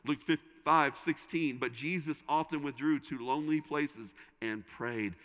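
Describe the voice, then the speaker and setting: Middle-aged pastor guy preaching, bright voice, big reverby hall, goes soft and intimate at times. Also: a little high. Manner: dramatic pauses, acted-out quotes, dropping to a soft intimate tone. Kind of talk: sermon.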